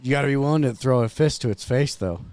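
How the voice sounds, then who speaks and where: A man's voice: mid-range voice, quick pace, a little mellow, clean tone, dry recording. A man co-hosting a podcast in casual chat, crude and joking, often acting out other voices. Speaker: podcast co-host. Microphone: studio mic.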